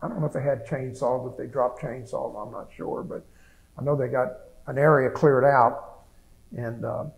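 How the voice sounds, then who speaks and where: With fairly even intonation and a moderate pace, the veteran's mid-range voice shows some vocal fry on a rough recording. He is an older man from the United States recounting his war story for an oral history, rambling plainly and often starting over.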